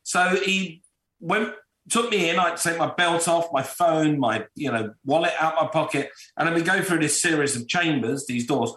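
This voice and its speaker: Guy telling a story on a podcast, acts out everybody he quotes, bit of a high voice, echoey room. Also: normal speed, pushed and bright. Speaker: guest. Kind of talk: casual storytelling.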